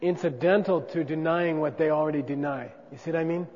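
Speaking a little fast, a teacher gives a relaxed, conversational lecture on Buddhist philosophy, checking in with his class through frequent "okay?"s. For a man, his voice sits fairly high. The recording is dull and lo-fi, with faint noise behind it and a long hall reverb.

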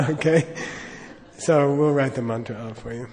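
A man's voice: medium pitch, a little mellow, in a large hall. A man giving a Buddhist talk in a chatty, joking way, leading mantra chanting and telling stories. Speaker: Buddhist teacher. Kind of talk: dharma talk with storytelling.

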